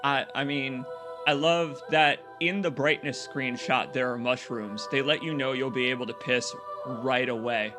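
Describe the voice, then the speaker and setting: A man streaming a video game, chatting casually with viewers and reacting excitedly. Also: measured pace, over music. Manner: excitable, swears freely, laughs loudly, jumps to high yelps.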